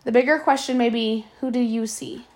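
A woman voicing a calm, probing grown male servant, speaking softly and measuring her questions. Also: fairly high pitch, brisk, close to an everyday voice. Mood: questioning.

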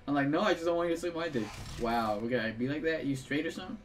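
A young man hosting a casual gaming video, swearing and laughing as he tells stories and yells instructions at a friend. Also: fairly high pitch, racing, slight background noise. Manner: profane, laughing, swings from storytelling to yelling at his partner.

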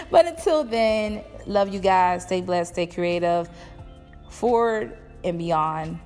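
Her voice is on the low side and a little mellow, yet animated; she takes things slowly, with long pauses. A young entrepreneur and vlogger, she speaks bluntly and casually to camera, motivating her viewers and cussing freely, with a long echo and music in the background.

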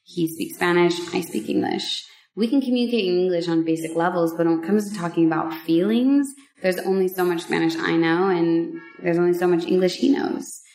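A woman on a vlog, telling a personal story in a casual, heartfelt way, with emotional pauses and many fillers. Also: lowish voice, darkish tone, echoey room. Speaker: vlogger sharing a personal story.

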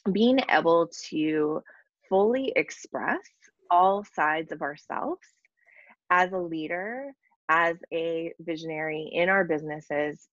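A woman's voice: on the low side, no echo, highs cut off. A woman business coach talking earnestly in an interview, tired after little sleep, with many ums and likes. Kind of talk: casual interview conversation.

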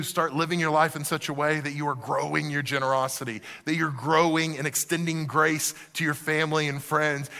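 Pastor, male, high bright voice, animated sermon delivery, church reverb. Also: creaky. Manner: animated preaching, dropping to soft emphasis. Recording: reverberant hall.

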